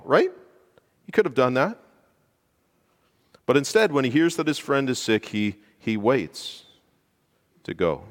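A man of medium pitch preaches a sermon through storytelling, giving it lively emphasis, swelling loud at key points and sinking almost to a hush for dramatic moments. Long hall reverb colors the recording.

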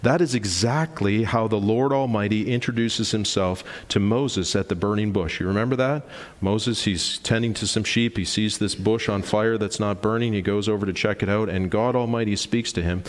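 A man's voice: lowish voice, moderate pace, long reverb tail. A man in his forties preaching a sermon, emphatic and explanatory, posing rhetorical questions to the congregation. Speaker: pastor.

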